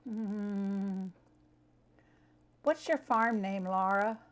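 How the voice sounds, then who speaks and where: A woman's voice: mid-range voice, extremely slow. A woman streaming a farming game, chatting casually with her viewers, answering them by name and laughing often. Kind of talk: casual live-stream chat.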